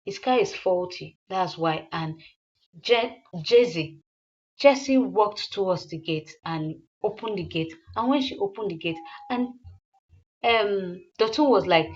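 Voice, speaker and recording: Brief: woman, casual film recap narration, mid pitch, muffled recording. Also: expressive, takes it slowly. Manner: rambling, with fillers and repeats. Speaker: movie recapper. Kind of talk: casual plot retelling.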